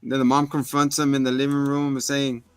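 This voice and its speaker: Casual male podcast co-host, animated slangy recap, mid pitch, dry, faint music under. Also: normal speed, smooth, no echo. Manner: animated, slangy retelling of scenes. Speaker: podcast co-host reviewing a film. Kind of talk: casual chat.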